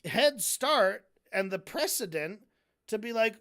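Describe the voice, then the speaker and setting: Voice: mid-range voice, lively intonation, takes it slowly, fairly bright tone. Sarcastic, profane stream commentator. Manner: mocks people by acting out their lines; drinks coffee between remarks. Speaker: streamer analyzing debates.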